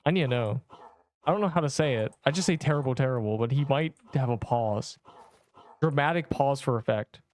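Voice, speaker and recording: A man's voice: medium pitch, normal speed, darkish tone, no room sound. A man in his twenties streaming a game, chatting casually with viewers in a rambling, offhand, slangy way. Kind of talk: casual livestream chat answering viewers.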